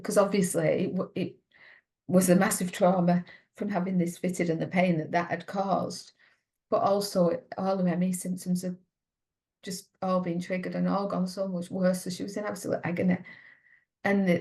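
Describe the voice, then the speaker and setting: Middle-aged mum telling her story, earnest and halting, gravelly dark voice. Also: fairly low pitch, level tone. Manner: earnest, halting, with many restarts. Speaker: mother of a patient, interview guest. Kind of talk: emotional personal account in an interview.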